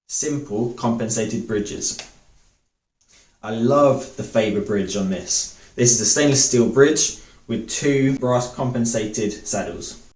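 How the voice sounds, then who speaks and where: A man's voice: medium pitch, darkish tone, echoey room, far from the mic. A man reviewing a guitar part, talking with enthusiasm and doubling words for emphasis. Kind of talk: product review talk to camera.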